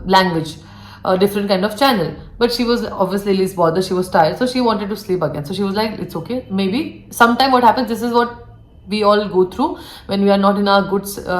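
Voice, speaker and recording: A young woman chats her way through a hotel ghost story as she does her makeup. She gets animated, acting out the lines of the people in the story, and her voice sits at a medium pitch. The room around her sounds echoey. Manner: animated retelling, acts out quoted lines. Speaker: vlogger, former cabin crew. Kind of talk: casual storytelling while doing makeup. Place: indoor room, getting ready.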